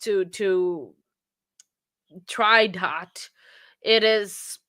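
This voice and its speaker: A woman hosting a true crime livestream, talking casually with many pauses, fillers and restarts. She moved to England from abroad. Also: medium pitch, pushed and bright, smooth. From from outside England.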